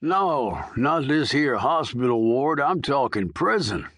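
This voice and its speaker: A man's voice: medium pitch, sing-song, slow, fairly bright tone, no room sound, studio quality, full character voice. A man voicing a dying, foul-mouthed old male prisoner with a coarse drawl. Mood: bitter. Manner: coarse, drawling, wheedling then demanding.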